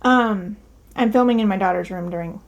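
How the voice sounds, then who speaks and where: Sounding out of breath, a woman with a mid-range voice and moderate pace shows her cross-stitch pieces in a relaxed vlog. She's upbeat and full of ums, filming at home in her daughter's bedroom.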